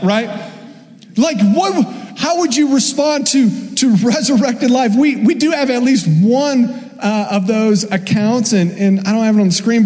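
A man preaching a sermon as a pastor, lively, acting out the voices of people in his story. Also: high-pitched. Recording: long hall reverb.

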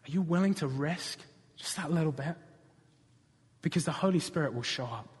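Male preacher, husky tone, earnest storytelling sermon in a church hall. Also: on the high side, normal speed. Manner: earnest storytelling, building to passionate appeals.

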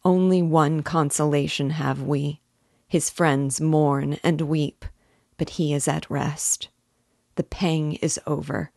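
Brief: woman reading a gentle grieving young friend, low and dry, tender. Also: steady tone, slow, vocal fry, no room sound, heavily acted. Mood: mournful.

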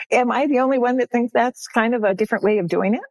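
A woman in her sixties, a success coach appearing as a podcast interview guest, speaks in an upbeat, emphatic way and often repeats her key phrases. Her voice is on the high side and a little fast, with no room sound.

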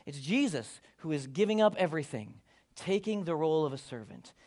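Male pastor, high voice, playful and animated sermon delivery. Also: a little fast. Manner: animated, playful asides, acts out voices of the disciples.

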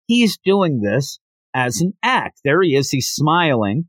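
Enthusiastic man with a lively pitch. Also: a little slow, dry recording. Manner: enthusiastic, laughs often. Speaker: podcast host. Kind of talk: casual manga discussion.

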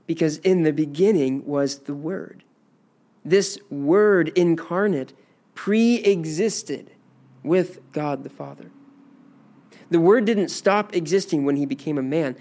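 A man teaching a Bible lesson at an unhurried, deliberate pace. His voice sits a little high for a man, and he repeats and restarts words as he explains the scripture he reads. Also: darkish tone. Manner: slow, deliberate reading with frequent restarts.

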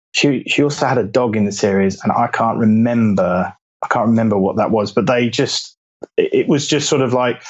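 Meandering male guest on muffled audio. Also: mid-range voice. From England. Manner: fond, meandering recollection. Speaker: podcast guest. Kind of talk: casual nostalgic chat.

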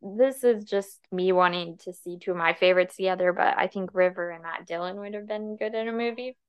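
A woman's voice: medium pitch, brisk, clean tone, dull audio. A woman co-hosting a podcast in casual chat, easygoing and talking in loose, trailing thoughts. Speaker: podcast co-host.

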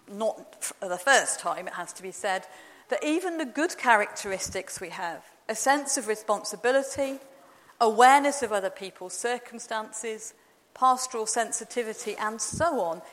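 A woman preaches in a measured, gentle, reflective way. Her voice sits a little high for a woman and carries a long hall reverb. The sound is a church sermon in a large resonant space.

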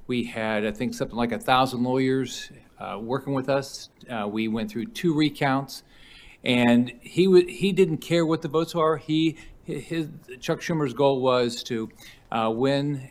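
A man, a senator at a hearing, recounting an experience in a halting way, with many fillers. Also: mid-range voice. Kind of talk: unscripted testimony.

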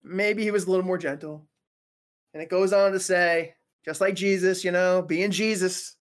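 A woman's voice: fairly low pitch, fairly even intonation, moderate pace. A woman preaching a casual sermon, talking conversationally with joking, slangy asides.

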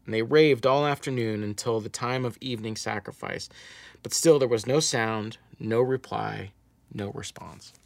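A man's voice: lowish voice, normal speed, vocal fry, dry recording. Man preaching a dry, close sermon. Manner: storytelling preacher reading scripture aloud with rising emphasis. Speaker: pastor.

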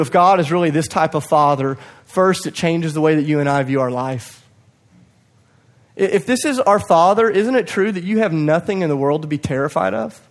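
Young male pastor with a slightly high voice. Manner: passionate, swings from loud urging to hushed quiet; self-deprecating asides. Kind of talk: sermon. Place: church hall.

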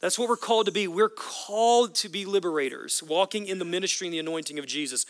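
A man's voice: sits high, fast, dry recording. A man preaching a sermon as a pastor, with an impassioned, repetitive preaching cadence.

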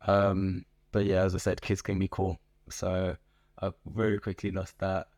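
A middle-aged man with a London accent, a guest in an interview, speaking in a thoughtful, measured way with frequent pauses. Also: sits low, completely flat delivery, darkish tone, no echo, clean studio sound. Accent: London English. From England. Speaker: guest, organization founder. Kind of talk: conversational interview. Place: podcast booth.

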